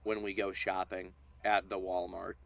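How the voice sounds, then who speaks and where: A low-pitched man rambles through a casual podcast chat, restarting his sentences and cracking jokes. The audio is dull and lo-fi, like a cheap mic. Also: little pitch movement, normal speed, gravelly. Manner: rambling, restarts often, jokey. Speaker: podcast co-host.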